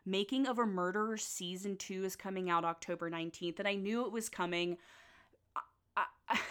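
A woman's voice: medium pitch, brisk, hardly any pauses, smooth. A young woman hosting her own podcast in a rambling, playful, self-mocking chat that keeps breaking off mid-sentence. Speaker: podcast host. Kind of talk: casual solo podcast chat.

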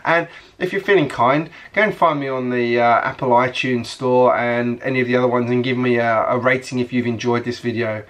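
A man's voice: medium pitch, fairly even intonation, fairly quick, fairly bright tone. Guy rambling on his lego vlog, loads of ums, ordinary mid voice. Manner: rambling, with many fillers and restarts. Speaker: Lego hobby vlogger. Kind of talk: casual rambling vlog chat.

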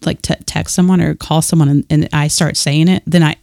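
A woman's voice: deep voice, a little fast, gravelly, dry recording, clean studio sound. A woman in her thirties, a podcast guest chatting casually about faith, telling stories animatedly and acting out what people said. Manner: animated storyteller, acts out quoted dialogue; restarts and filler words.

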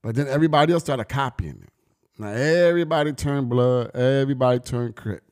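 A man's voice: medium pitch, a little fast, a little mellow. Slangy middle-aged man venting. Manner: emphatic, slangy, preachy storytelling. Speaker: vlogger and brand owner. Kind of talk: casual street-talk monologue.

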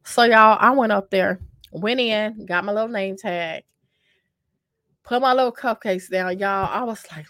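In an unhurried, medium-pitched voice with a fairly bright tone, a chatty vlogger recounts a dating story to camera. She mocks herself, calls listeners "y'all," and uses many fillers and repeats. The recording is dry.

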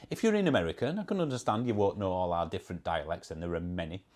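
A man with a deep, darkish voice talks rapid-fire with lively intonation. He's a car reviewer from Yorkshire, England, with a Yorkshire accent, chatting casually in a vlog and reading out comments, then answering them in a wry, sarcastic way.

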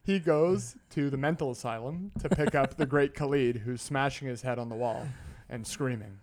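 A man's voice: medium pitch, normal speed. A man co-hosting a sports betting podcast, telling stories in casual banter and acting out movie scenes. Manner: storytelling, animated retellings of movie scenes. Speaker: podcast co-host.

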